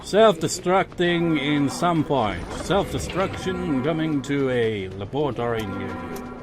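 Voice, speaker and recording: A man narrates his gameplay with a slow, unhurried delivery, full of sarcasm and frequent swearing. He talks back to the game characters as he plays. Game music runs clearly behind him. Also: mid-range voice, lively intonation. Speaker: let's play gamer. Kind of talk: casual gameplay commentary.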